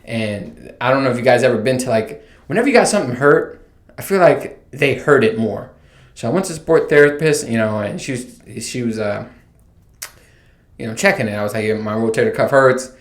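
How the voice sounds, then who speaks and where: A man's voice: mid-range voice, expressive, brisk. Exasperated man ranting in a roomy space. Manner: profane, exasperated storytelling. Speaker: podcast host. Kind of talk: casual comedic rant. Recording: roomy echo.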